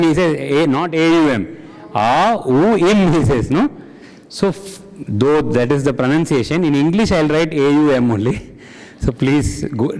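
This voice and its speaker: This satsang leader has a slightly high, darkish-toned voice. He runs an interactive spiritual discussion in a reverberant hall, questioning the audience and echoing their responses back to them.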